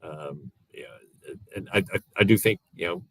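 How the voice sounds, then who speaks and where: A man's voice: low-pitched, moderate pace, breathy edge, no room sound. A middle-aged man chatting casually as a guest on a sports podcast, rambling with lots of fillers and restarts. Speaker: guest analyst.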